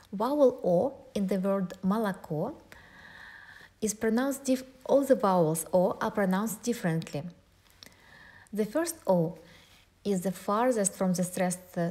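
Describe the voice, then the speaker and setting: Woman, Russian accent, mid-pitched voice, patient teacher walking through pronunciation step by step. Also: a little mellow. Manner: methodical, spells out and models pronunciations slowly. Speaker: language teacher. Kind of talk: online language lesson.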